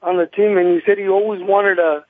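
A man in his thirties, a former boxing champion, telling animated stories over the phone and acting out the people he quotes. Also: high-pitched, a little fast. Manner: animated, acts out quoted people, many restarts. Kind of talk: casual phone interview storytelling. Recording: tinny phone line, dry.

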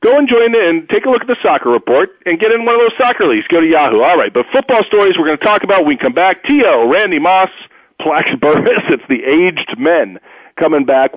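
Male talk radio host, fairly high and very lively pitch, opinionated rambler; dry, tinny phone-line sound. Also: no echo. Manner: rambling, opinionated, animated storyteller. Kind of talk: sports talk radio monologue.

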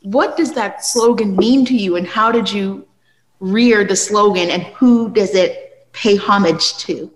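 A woman's voice: medium pitch, a little slow. Female host, earnest, long-winded questions, echoey reverberant room. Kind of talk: interview questions.

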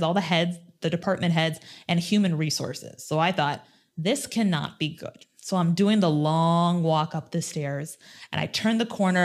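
Middle-aged woman telling her story, lively, acts out the quotes, lowish voice. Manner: animated, acts out quoted dialogue. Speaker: former TV news host, guest. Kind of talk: personal storytelling.

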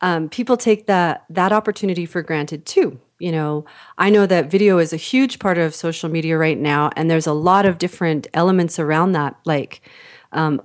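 A woman from Canada hosting an interview, chatting casually, laughing often and acting out voices in her anecdotes. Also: lowish voice. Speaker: podcast host, interviewer.

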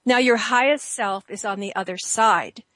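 A woman hosting a talk show, leading listeners through a slow, soothing guided exercise with drawn-out phrases. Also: mid-range voice, a bit bright, dry recording. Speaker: host.

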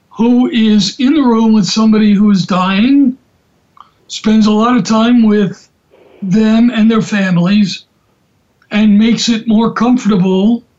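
Slow folksy man, high voice. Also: darkish tone. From Atlanta, USA. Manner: slow, folksy, drawn-out phrasing. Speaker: radio show host, rabbi. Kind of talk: relaxed talk radio hosting. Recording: dull, lo-fi radio audio.

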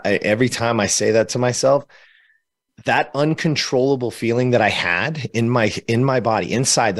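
A man from California telling an emotional personal story as a podcast guest, animated and laughing between phrases. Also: lowish voice.

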